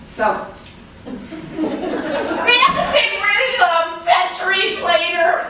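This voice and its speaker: Older woman author, slow and animated, laughing through her talk; very echoey room, mic far off. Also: very high-pitched. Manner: lively and chatty, laughing often. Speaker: author giving a performance talk. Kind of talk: informal performance talk. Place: public library event room. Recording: very echoey room, distant mic, faint noise.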